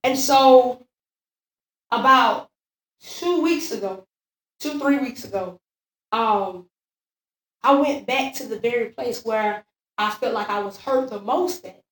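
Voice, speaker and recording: A woman's voice: fairly high pitch, slow, pauses often, a bit bright. A woman preaching a sermon, telling her own testimony and repeating phrases in a building call-and-response rhythm. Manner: testimony-driven, repetitive call-and-response cadence. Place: church sanctuary. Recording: echoey church room, far from mic.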